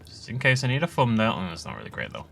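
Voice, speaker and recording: A man's voice: fairly low pitch, wildly swooping pitch, fast talker, creaky, sharp tone, slight background noise. A young adult man hosting a let's play, chatting casually and rambling off on tangents while he plays. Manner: chatty, rambling asides with laughs. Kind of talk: casual gameplay commentary.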